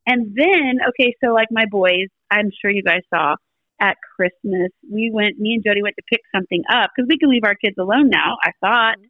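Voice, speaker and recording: A woman's voice: mid-range voice, brisk, dry recording, phone-quality sound. A middle-aged woman, a podcast guest, telling family stories in a casual chat and acting out the voices of the people in them. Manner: animated storyteller acting out family dialogue.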